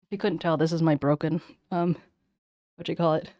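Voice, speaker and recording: Brief: woman streamer, lowish voice, rambling casual chat, dry close mic. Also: steady tone, brisk, a little mellow, no room sound, lo-fi sound. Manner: rambling, searches for words.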